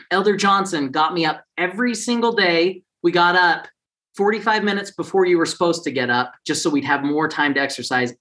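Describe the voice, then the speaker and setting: A man's voice: fairly high pitch, pushed and bright. A man in his forties telling a personal story in a casual way, acting out the people he quotes in raised, funny voices.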